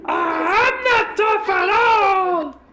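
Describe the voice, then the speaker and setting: A man's voice: very high-pitched, extremely slow, echoey room, very noisy, voice pushed up, heavily acted. A man voicing a frightened teenage schoolgirl, crying out and wailing as he reads game dialogue. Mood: sobbing. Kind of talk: game dialogue read aloud.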